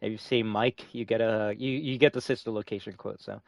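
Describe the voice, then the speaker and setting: A young man live-streaming a fighting game, chatting casually with viewers, excitable and swearing often. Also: fairly low pitch, fairly quick, gravelly, no echo, recorded from a distance, dull audio. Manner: excitable, swears often, reads chat aloud. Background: game music.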